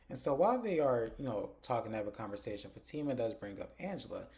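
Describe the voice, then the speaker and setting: A man casually recapping a TV episode, retelling scenes in an animated, profane way. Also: medium pitch, fast talker, few pauses. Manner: animated retelling, slips into characters' lines, profane. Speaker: TV episode reviewer.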